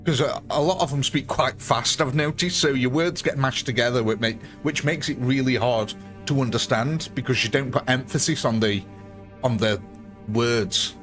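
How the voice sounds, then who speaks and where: A man's voice: medium pitch, moderate pace, a bit bright, soft background music. A young man with a northern English accent, chatting on a live stream, answering viewers by name and laughing often. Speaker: game streamer. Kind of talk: live-stream chat and commentary.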